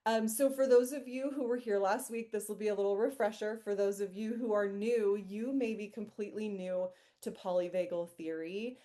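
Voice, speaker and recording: A young woman presents a self-care webinar in a friendly, upbeat and chatty way, as host and project coordinator. She greets her viewers warmly and then calmly leads them through a simple exercise for the body. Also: mid-range voice, normal speed, hardly any pauses.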